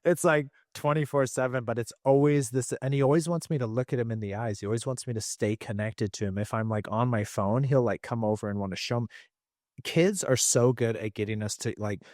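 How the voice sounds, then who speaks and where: A man's voice: mid-range voice, steady tone, fairly quick, darkish tone, no echo, studio quality. A man guest on a podcast, explaining behavior change earnestly through his own examples. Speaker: podcast guest, emotional health coach. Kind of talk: reflective interview talk.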